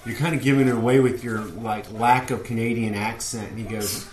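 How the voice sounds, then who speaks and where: A man's voice: medium pitch, fairly even intonation, brisk. A man co-hosting a casual wrestling fan talk show, telling rambling stories and acting out the people he quotes. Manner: rambling storyteller, acts out quotes. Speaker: podcast co-host. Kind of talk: casual chat. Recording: roomy echo.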